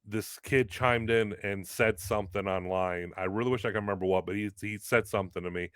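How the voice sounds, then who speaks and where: Low-voiced man telling a rambling story. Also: steady tone, brisk, fairly bright tone, smooth, dry recording, clean studio sound. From Western New York, US. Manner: rambling, heavy use of "like". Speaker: guest, pro wrestler. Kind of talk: casual storytelling chat.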